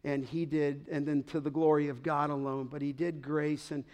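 Man, middle-aged pastor, sermon, high-pitched, emphatic, asks congregation to finish lines. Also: level tone, normal speed, a little mellow.

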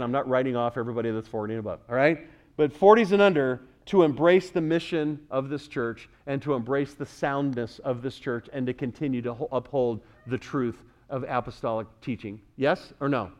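High-voiced man preaching with emphasis. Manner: emphatic preaching, swells louder and higher on key words; asks the congregation questions. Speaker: pastor. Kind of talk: sermon.

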